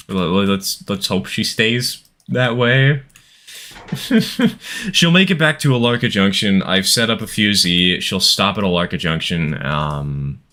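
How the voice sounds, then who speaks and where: A man's voice: deep voice, sharp tone. A man streaming a game live, chatting casually with his viewers and laughing often. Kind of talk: casual live-stream chat while playing.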